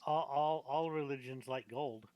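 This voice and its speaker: A man's voice: medium pitch, a little slow, darkish tone, dry recording. A man playing a tabletop game, chatting casually and often repeating words as he stumbles.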